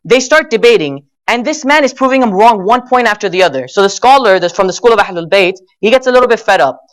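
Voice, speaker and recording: An earnest male preacher telling stories to a congregation at an Islamic center. He slows down to stretch out the words he wants to stress and calls his listeners brothers and sisters. When he argues a point, his voice climbs in pitch and gains force. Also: expressive. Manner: rises in pitch and intensity when arguing; addresses audience as brothers and sisters. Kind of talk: religious lecture with storytelling.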